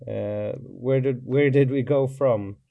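A man's voice: mid-range voice, fairly even intonation, slow, creaky, dry recording, phone-quality sound. A man hosting a podcast in a casual chat, asking loose, rambling questions. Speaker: podcast host.

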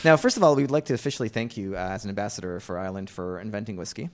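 A man from Canada hosting a podcast, chatting casually with quick, self-mocking humor. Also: lowish voice. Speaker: podcast host.

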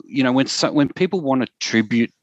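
A man's voice: medium pitch, lively intonation, brisk, no echo, highs cut off. A man hosting a casual sports podcast, talking in a chatty, rambling, reflective way. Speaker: podcast host.

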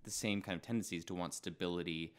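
A young man in casual podcast chat, rambling and restarting his sentences, now and then breaking into loud goofy bits. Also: low voice, steady tone, fast, smooth. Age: young adult.

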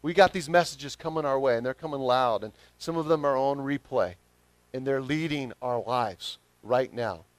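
A man with a Southern accent preaching a sermon as pastor, swinging from quiet reflection to emphatic, rising calls. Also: medium pitch, moderate pace, dry recording. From Southern United States.

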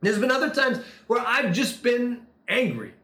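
A man preaching a sermon, talking through a scripture passage in a conversational way, with quick asides and slower, dramatic reading. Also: very high-pitched, sing-song, a bit bright, reverberant. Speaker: pastor.

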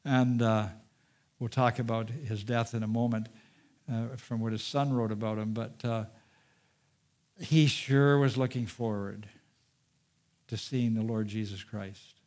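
A man preaching a sermon, reading scripture aloud and commenting, with emphatic peaks and quiet, soft-spoken asides. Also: medium pitch, fairly even intonation, a little slow, pauses often. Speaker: pastor.

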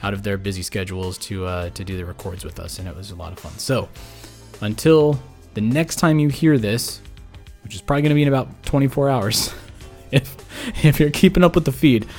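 A man's voice: on the low side, fairly quick, darkish tone, soft background music. A burned-out, exhausted man hosting a podcast, rambling through a casual sign-off with lots of fillers and restarts, mumbling at times. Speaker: podcast host.

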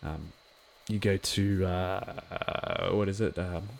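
A man's voice: low voice, steady tone, slow pace, vocal fry, a little hiss or hum. A man giving a casual watch-along commentary of an episode, chatty and rambling with lots of filler words.

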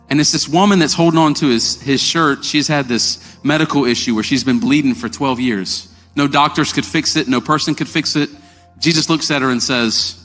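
A man preaching a sermon as pastor, conversational and calling the congregation y'all, with his voice climbing high and emphatic as he retells stories. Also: fairly quick. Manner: rising to an excited, emphatic pitch when retelling stories. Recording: long hall reverb with faint music.

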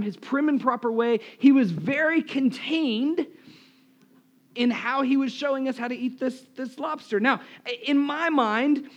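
A man's voice: very high-pitched, moderate pace. A man preaching a sermon in a church, telling funny stories about himself, speaking into a live microphone while losing his voice. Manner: animated, self-deprecating storyteller. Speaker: pastor. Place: church, in front of a congregation.

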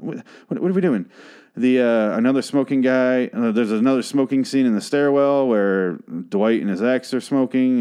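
A man casually recapping a TV episode in a sarcastic, profane, rambling way, sometimes trailing off into quiet mutters. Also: fairly low pitch, smooth. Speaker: show recap host.

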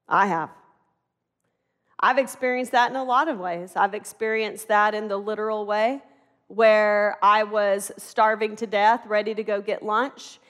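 A middle-aged woman preaching a sermon in an animated, conversational way, acting out the voices in her stories. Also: a little high, long reverb tail.

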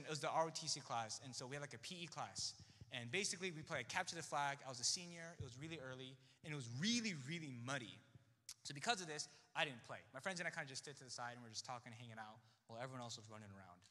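A young man telling a personal faith story in a chatty, animated way, acting out the dialogue he quotes. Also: fairly high pitch, in a large hall. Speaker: speaker sharing a testimony.

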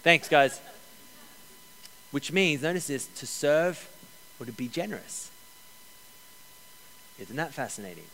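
A man preaching a sermon as pastor, energetic, repeating key phrases and joking with the congregation. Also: on the high side, slow pace, pauses often. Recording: long hall reverb.

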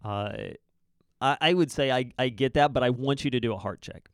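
Man, mid pitch, earnest church podcast co-host, dead-dry booth sound. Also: clean tone, dry recording. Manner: earnest, probing questions, emphatic pauses.

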